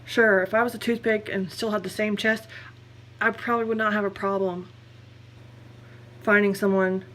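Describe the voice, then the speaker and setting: A woman's voice: medium pitch, level tone, normal speed, fairly bright tone, a little hiss or hum. A young woman talks candidly in a personal vlog. She rambles and corrects herself. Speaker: vlogger.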